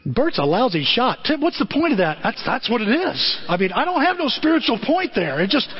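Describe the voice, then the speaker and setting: A husky-voiced male pastor delivers a sermon as a lively storyteller, acting out scenes as he goes. His voice sits high and swings widely in pitch. The recording sounds muffled and lo-fi. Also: brisk. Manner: animated storyteller, acts out scenes.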